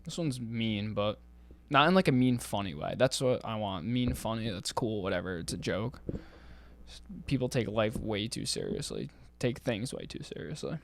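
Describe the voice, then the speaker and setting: A man's voice: on the low side, very animated, moderate pace, creaky. A young man hosting his own show, reading comments aloud in casual chat and getting heated, swearing bluntly. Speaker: podcast host.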